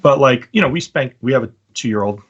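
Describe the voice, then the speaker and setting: A man's voice: mid-range voice, lively intonation, brisk, husky, muffled recording. A man hosting a casual debate, making his points through stories and often checking in with "right?". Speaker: podcast host debating a guest.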